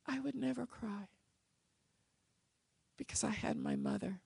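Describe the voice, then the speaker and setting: A woman from the United States telling personal stories in an expressive, animated manner. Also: fairly high pitch, unhurried, vocal fry, pauses often, husky, no echo. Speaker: speaker. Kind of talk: personal storytelling talk.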